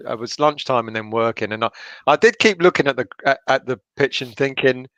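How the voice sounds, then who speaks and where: A man's voice: medium pitch, a little fast, a bit bright, no echo. Swearing, teasing man in banter. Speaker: podcast co-host. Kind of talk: casual football chat.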